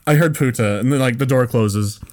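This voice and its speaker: A man's voice: medium pitch, a little fast, a little mellow. A man co-hosting a podcast, telling a story in casual chat and laughing as he goes. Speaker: podcast co-host.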